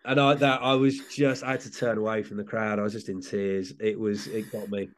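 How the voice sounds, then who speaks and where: A man's voice: lowish voice, level tone, brisk. An English man, a comedian, chatting in an interview, rambling and restarting with frequent laughs. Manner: rambling, self-correcting, laughs often. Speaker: comedian guest. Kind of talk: casual interview chat.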